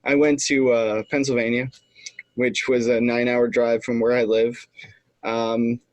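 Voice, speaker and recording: A man's voice: medium pitch, flat delivery, a little slow, dry recording, dull audio. A man co-hosting a podcast in casual chat, teasing his co-host and laughing often.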